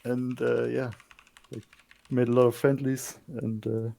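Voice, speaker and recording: A man on a competitive team answering interview questions in a relaxed, easygoing way with light laughs. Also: mid-range voice, measured pace, vocal fry. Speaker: team player being interviewed. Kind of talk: casual esports interview.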